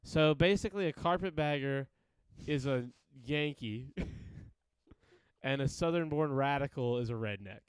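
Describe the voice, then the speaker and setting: A man trading jokes on a casual podcast, laughing often between swear-laced lines. His voice is smooth and clear, recorded dry and close with little room sound. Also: medium pitch, unhurried, no echo, poor audio. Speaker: podcast co-host. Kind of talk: casual chat.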